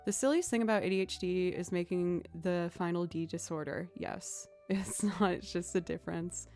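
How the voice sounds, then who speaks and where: A woman's voice: on the low side, normal speed, dark tone, soft background music. A young woman streaming, chatting casually with viewers in a rambling way, with lots of "like" and "um".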